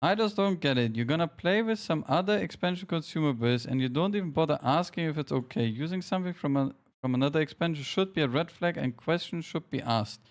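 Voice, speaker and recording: A man's voice: on the high side, lively intonation, a little fast, few pauses. A man streaming a game live, chatting casually with viewers, joking at his own expense while calling out instructions to his teammates. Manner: chatty, jokey, self-deprecating, directing teammates. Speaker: streamer leading a game team.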